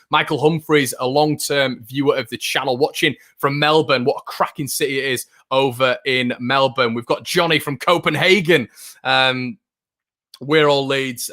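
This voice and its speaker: A young man hosting a fan channel from his room, chatting casually and upbeat about football and reading out viewer comments, with many fillers and excited bursts. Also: medium pitch. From England.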